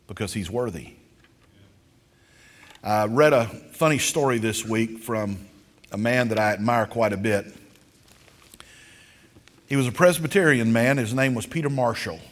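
A man preaching a sermon, telling a story in a folksy way with drawn-out dramatic pauses. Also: mid-range voice. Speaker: pastor. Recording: long reverb of a church hall.

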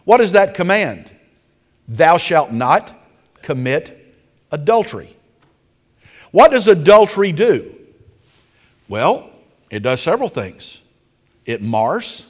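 A man preaching a sermon as a pastor, telling stories dramatically and with lively animation. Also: a little high, long reverb tail.

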